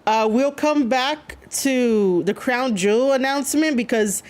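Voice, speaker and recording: A woman's voice: high voice, measured pace, a little mellow. A woman streaming live, chatting casually to her viewers with many fillers, rambling and reading chat messages aloud. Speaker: streamer reacting to wrestling.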